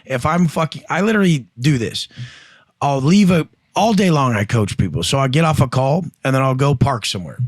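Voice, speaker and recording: A man's voice: medium pitch, expressive, a little fast, dry recording, clean studio sound. A man coaching and telling stories on a podcast, blunt and profane, acting out other people's voices as he goes. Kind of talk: casual podcast conversation.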